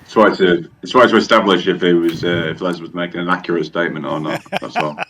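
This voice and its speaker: Deep-voiced teasing player, distant mic. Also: male voice, steady tone, fast, fairly bright tone. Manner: teasing, chatty. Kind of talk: casual chat. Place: online voice call.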